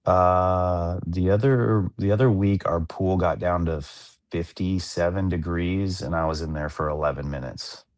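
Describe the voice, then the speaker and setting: Low and steady, this man speaks at a measured pace with few pauses and a darkish tone, and there's no echo. He co-hosts a podcast from Southern California, rambling through casual chat full of fillers and false starts.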